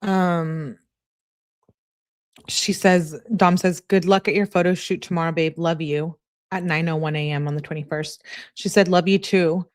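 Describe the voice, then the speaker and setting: A woman casually reading out an exchange of text messages in a plain conversational way, pausing for asides and correcting herself. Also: fairly low pitch, fairly even intonation, no echo, clean studio sound.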